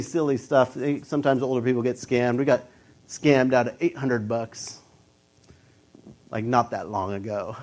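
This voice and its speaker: An older man preaching a sermon, swinging between loud emphatic urging and quiet reflection, often repeating words as he builds a thought. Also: medium pitch. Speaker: pastor.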